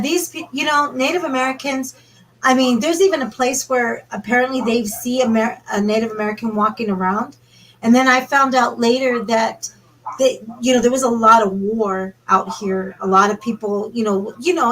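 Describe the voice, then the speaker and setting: Female guest from Minnesota, higher voice, rambling casual storyteller. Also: fairly even intonation, normal speed, a bit bright, rough recording. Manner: rambling, full of "like" and "you know". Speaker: paranormal investigator guest.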